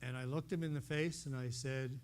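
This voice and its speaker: A man telling a healing testimony to a congregation in a meeting room, talking straight to his listeners as an animated storyteller. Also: medium pitch, normal speed. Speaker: speaker sharing a healing testimony. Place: meeting room holding about a hundred people.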